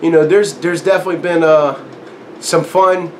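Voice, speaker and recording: A man's voice: fairly high pitch, normal speed, a little hiss or hum. A man casually telling a long story, acting out the voices in it and laughing often. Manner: animated, acts out quotes, laughs often. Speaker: guest storyteller.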